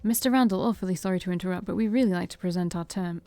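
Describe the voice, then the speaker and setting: A smug male vampire with a British accent, as a woman puts him on, sing-song and excessively polite in a game story. The tone is mellow, the sound dry and close. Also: lowish voice, very fast, no echo, faint music behind, lightly acted. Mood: fussy.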